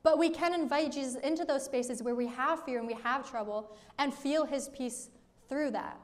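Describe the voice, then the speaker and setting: A woman's voice: high-pitched, normal speed. A young woman giving a casual youth sermon at a student ministry, chatty and self-deprecating, filling her talk with "like" and "right?". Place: church youth room.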